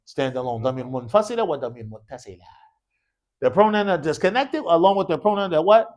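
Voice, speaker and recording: Animated male Arabic teacher. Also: fairly high pitch, racing. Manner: animated, quizzing the class with repeated "what?" prompts; mixes English with short Arabic phrases. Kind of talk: classroom Arabic lesson with call-and-response drilling. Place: mosque classroom.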